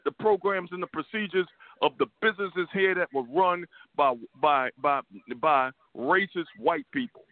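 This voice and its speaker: Talk-radio co-host, man, slightly high voice; heated, stumbling, profane; phone-line sound. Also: expressive, moderate pace, few pauses, dry recording. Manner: stammering repetitions, heated and profane. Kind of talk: casual political talk radio.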